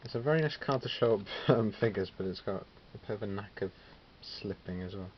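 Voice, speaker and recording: A Welsh man with a fairly low voice and brisk delivery casually shows off his miniature wargaming figures, thinking aloud with lots of fillers and self-corrections. The recording is slightly dull and lo-fi, with clear background noise.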